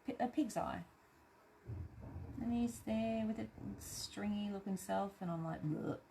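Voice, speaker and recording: A woman's voice: mid-range voice, measured pace, gravelly, heavy background noise. An Australian woman hosting a live craft stream, chatting casually and reading out viewer comments, laughing often and swearing cheerfully.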